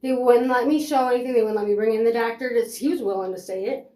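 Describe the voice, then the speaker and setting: A woman's voice: a little high, quick pace, dark tone. Frustrated woman telling her story, roomy echo. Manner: rambling and frustrated, full of fillers. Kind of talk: personal storytelling.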